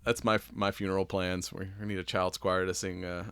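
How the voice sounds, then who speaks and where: A man's voice: deep voice, level tone, fairly quick, fairly bright tone, smooth, no echo. Man, podcast host; rambling, giggly, profane retelling; dry, close sound. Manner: rambling, laughs often, swears freely. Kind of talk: casual chat.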